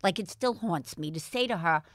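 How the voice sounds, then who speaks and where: A woman's voice: lowish voice, expressive, normal speed, a bit bright, dry recording, studio quality. A middle-aged woman, a parent and guest on a podcast, speaking earnestly in casual chat with frequent restarts.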